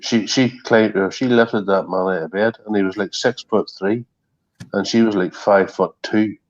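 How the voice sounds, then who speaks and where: Low-voiced man rambling. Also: steady tone, normal speed. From Northern Ireland. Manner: rambling, profane, many ums. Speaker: stream co-host. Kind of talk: casual online chat. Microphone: online voice call. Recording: dull lo-fi call audio.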